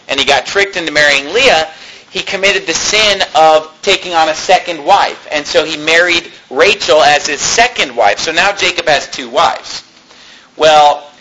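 A man's voice: a little high, pushed and bright, a little hiss or hum, low-quality recording. A man preaching a sermon in a conversational way, rising emphatically on his key points. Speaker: pastor.

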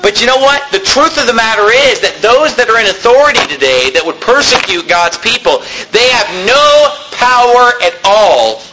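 A man preaching a sermon, reading old scripture slowly and then explaining it in plain, casual talk. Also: very high voice, sing-song, pushed and bright, a little hiss or hum, rough recording.

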